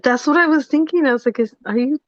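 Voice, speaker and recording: A woman's voice: sits high, fast talker, no room sound, lo-fi sound. A woman co-hosting a podcast in casual chat, playful and teasing. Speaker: podcast co-host.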